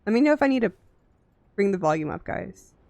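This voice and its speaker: A woman's voice: mid-range voice, animated, fairly quick, creaky, darkish tone, no room sound. A woman streamer chatting casually and playfully with her chat, giggly and gushing, from a home streaming setup on a desk mic.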